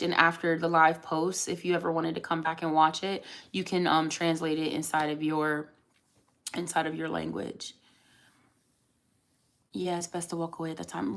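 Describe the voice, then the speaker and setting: A woman venting casually to her livestream viewers, frank and animated, calling them y'all, her voice jumping up when she answers chat and going quieter when she tells her own story. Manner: voice climbs high when answering chat comments. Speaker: livestream vlogger reading chat.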